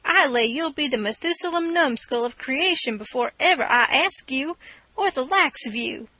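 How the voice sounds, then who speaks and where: A woman reading an audiobook, voicing a flustered, sharp-tongued older Southern aunt who scolds indignantly. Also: high-pitched, expressive, normal speed, no room sound.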